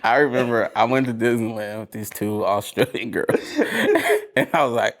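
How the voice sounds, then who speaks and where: Lively, laughing male podcast co-host. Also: mid-range voice, normal speed, vocal fry. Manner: laughs often, animated. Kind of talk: casual chat.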